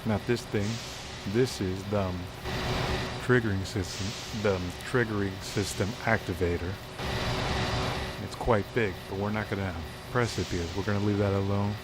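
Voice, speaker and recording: Low-voiced man narrating a game. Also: normal speed, heavy background noise. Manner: relaxed, rambling, many "um" fillers. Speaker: let's play commentator. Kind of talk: casual gameplay commentary. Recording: game music playing behind. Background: game music.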